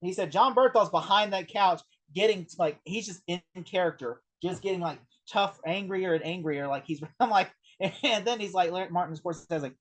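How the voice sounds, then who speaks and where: A man in a casual film discussion, retelling behind-the-scenes stories in a rambling, animated way with lots of fillers. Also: high voice, brisk. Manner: rambling, animated anecdote-telling with many fillers. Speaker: film review co-host.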